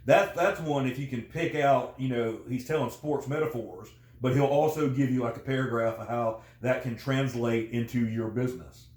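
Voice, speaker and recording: A man's voice: mid-range voice, moderate pace, hardly any pauses, a little mellow. A man chatting casually as a guest, rambling with many fillers and restarts. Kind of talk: casual conversation. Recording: roomy echo.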